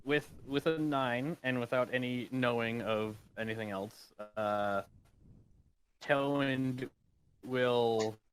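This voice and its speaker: Slow, hesitant man player. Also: mid-range voice, slight background noise. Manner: hesitant, halting. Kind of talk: casual tabletop game play.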